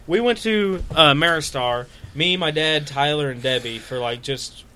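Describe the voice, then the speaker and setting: A man's voice: on the high side, unhurried. A young man chatting casually with friends, telling stories with lots of swearing and acted-out quotes. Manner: animated storyteller, swears a lot, acts out quotes.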